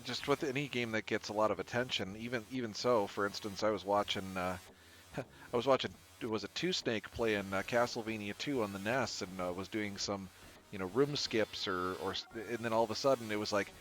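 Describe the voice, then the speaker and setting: A man co-commentating a game race, telling a rambling, animated story. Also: lowish voice, a little fast, a little hiss or hum, poor audio. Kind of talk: casual commentary.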